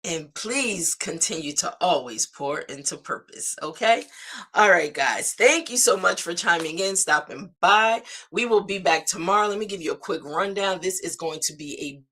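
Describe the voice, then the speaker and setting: A woman's voice: fairly low pitch, animated, moderate pace, a bit bright, breathy edge. A middle-aged woman hosting a live morning stream, chatty and encouraging, calling her viewers "guys". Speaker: host of a live morning show. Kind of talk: upbeat live-stream sign-off.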